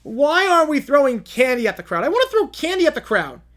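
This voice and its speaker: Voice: high-pitched, very animated, fast talker, a bit bright, pitched above the performer's own voice. A streamer voicing a bratty little girl in a read-aloud story, petulant and demanding.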